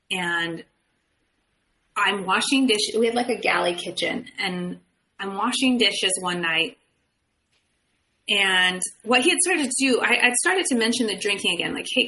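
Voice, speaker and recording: A middle-aged woman candidly recounting her own story on a podcast, animated and quoting the people in it. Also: mid-range voice, low-quality recording. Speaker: guest telling her story.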